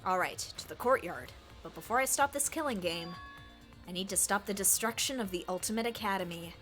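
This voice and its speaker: A woman's voice: mid-range voice, brisk, a bit bright, faint music behind. A woman streamer reading a game's dialogue aloud dramatically, joking and laughing along. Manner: playful, laughs often, reads lines dramatically.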